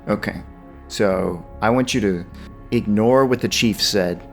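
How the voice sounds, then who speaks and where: A steady, reassuring defense lawyer, voiced by a man in a tabletop game, talking with measured calm. His voice sits somewhat low, and faint music plays underneath. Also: creaky.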